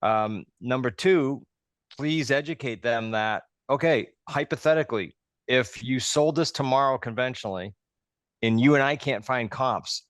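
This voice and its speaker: A man hosting a coaching call over a video link, talking in an easy conversational way. He lays out his points one by one in a mid-pitched voice. The sound is dry and close. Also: normal speed, dry recording. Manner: conversational, explains step by step. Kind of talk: coaching on a live group call.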